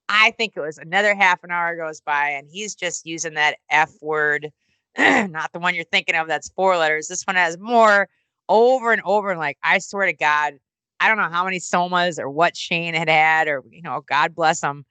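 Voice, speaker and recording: A bright, forceful woman's voice, recorded dry and close with no room sound. She is middle-aged and tells stories in a loose, casual way, swearing freely. She acts out what people said with sudden jumps in pitch. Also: moderate pace, smooth, no room sound, poor audio. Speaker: interview guest, former wrestling announcer and musician. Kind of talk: casual storytelling.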